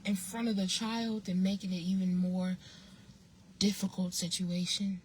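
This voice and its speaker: A woman's voice: mid-range voice, steady tone, unhurried, slight background noise, rough recording. A woman vlogger telling a story in a casual monologue, blunt and emphatic, swearing freely and repeating phrases for emphasis.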